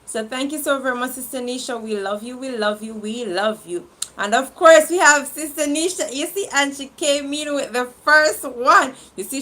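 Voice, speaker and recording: A woman hosting a livestream game, reading out viewer comments in an affectionate, lively way and laughing often. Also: fairly high pitch. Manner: lively and affectionate, laughs often, shifts quickly between loud and soft.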